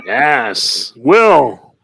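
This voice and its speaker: Male comedy game host, bright, slow delivery, laughs a lot between names, dry close recording. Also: mid-range voice, sing-song, vocal fry, slightly rough, no echo. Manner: laughing often, calling on players by name. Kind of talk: comedy game show hosting.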